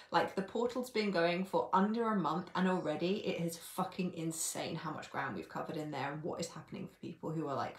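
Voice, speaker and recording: A woman coaches her viewers in a live stream pep talk at a middling pitch, blunt and full of swearing. She laughs often. Her voice rings in an echoey room.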